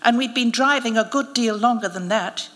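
A woman's voice: fairly high pitch, moderate pace, a bit bright, lightly acted. Woman voicing a taunting, merciless girl. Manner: taunting and dry. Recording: reverberant hall at a live reading.

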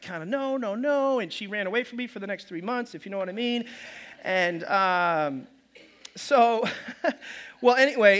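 A male pastor with a very high, bright, forceful voice preaches to his congregation. He tells stories in a lively way, acts out the characters' voices and sometimes gets loud. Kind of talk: sermon with storytelling.

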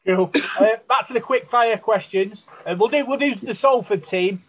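Male interviewer, high voice, quick upbeat prompts, dull audio. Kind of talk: casual interview questions.

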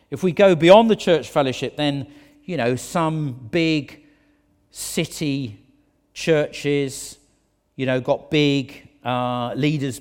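A man preaches in a relaxed, conversational way, pausing often with fillers and restarting his phrases. His voice sits at an ordinary pitch for a man. The sound carries the long reverb of a church hall. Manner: hesitant, many fillers and restarts. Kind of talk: conversational sermon. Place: church auditorium.

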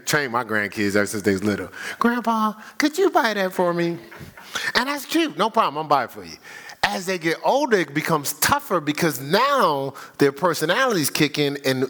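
Animated older male pastor preaching. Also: on the high side. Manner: lively, humorous, laughing with the congregation; acts out voices of people he quotes. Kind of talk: sermon. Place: church sanctuary.

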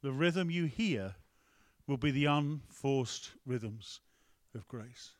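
A man's voice: medium pitch, expressive, slow pace. A man preaching a conversational sermon, breaking off to ask the room and the tech team for help. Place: church hall with a screen.

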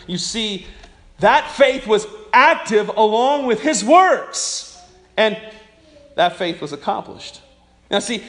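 A man preaching a sermon as pastor, impassioned, dropping to hushed tones and rising to shouts, often repeating and restarting words. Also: high-pitched, lively intonation, takes it slowly, pauses often. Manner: impassioned preaching, swings between hushed and loud.

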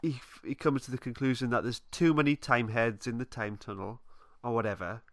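A man co-hosting a casual podcast, recapping a plot in a relaxed way and often trailing off with vague wrap-ups. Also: medium pitch, brisk, a crowd in the background. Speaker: podcast co-host. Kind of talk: casual fan podcast chat.

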